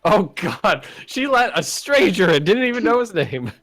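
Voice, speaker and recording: A man's voice: high voice, sing-song, moderate pace, a bit bright, dry recording. A Canadian man from Canada playing in a tabletop role-playing game, chatting eagerly about his rolls. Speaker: player. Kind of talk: casual tabletop game talk.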